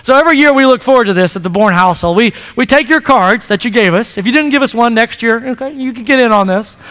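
A man's voice: extremely high pitch, quick pace, sharp tone. A man in his thirties, a pastor preaching a chatty, playful sermon to his congregation. He often repeats words as he starts a sentence. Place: church sanctuary. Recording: long hall reverb.

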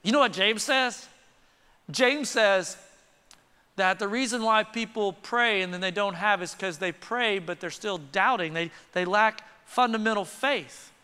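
A man preaching a lively sermon with quick asides, leading the congregation in call and response. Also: high voice, clean tone. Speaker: pastor. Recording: reverberant church hall.

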